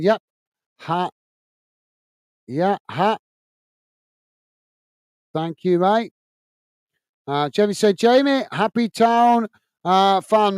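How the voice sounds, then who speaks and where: Man as a friendly English football streamer, high clear voice, dry close mic, reading chat. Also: no echo. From England. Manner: chatty, friendly, grumbles at laggy software. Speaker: football channel host. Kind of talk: live watch-along chat reading viewer comments.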